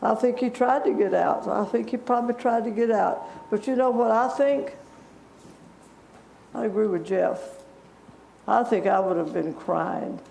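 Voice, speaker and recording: A woman's voice: medium pitch, a little slow, creaky, dark tone, slight background noise. A woman teaching a Bible story to children in a church, chatty and asking them questions. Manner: conversational, asks the children questions. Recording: echoey church room.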